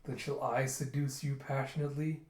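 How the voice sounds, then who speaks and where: A man's voice: mid-range voice, flat delivery, normal speed, darkish tone, echoey room, natural voice. A man voicing a blunt, teasing young male rogue.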